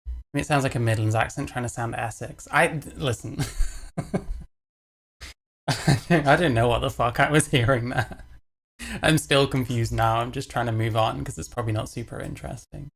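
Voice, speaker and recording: A woman's voice: rumbling low, normal speed, creaky, pauses often. A streamer from England giving casual, mocking commentary on clips she plays, with rambling asides. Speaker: livestream host reacting to clips.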